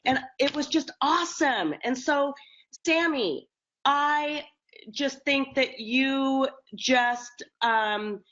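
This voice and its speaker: A woman with a fairly high voice hosts a live online chat, emphatic and effusive as she talks. The audio is dull and lo-fi, like a livestream. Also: slow, fairly bright tone. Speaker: host. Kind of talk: live social media chat.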